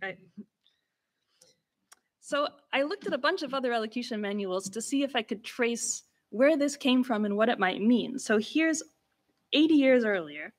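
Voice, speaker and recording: A woman's voice: on the high side, lively intonation, moderate pace. Woman lecturing, demonstrating vocal slides. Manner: demonstrates speech inflections with sung-like slides and exclamations; conversational, with restarts. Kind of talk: academic lecture-recital. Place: lecture room.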